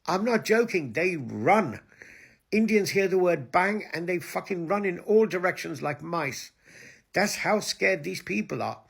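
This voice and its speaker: Man, crude mocking rant to camera, husky gravelly voice, slightly high pitch. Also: animated, measured pace. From Pakistan. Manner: crude, mocking, switches between English and Hindi-Urdu. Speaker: online video host. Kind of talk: ranting monologue to camera.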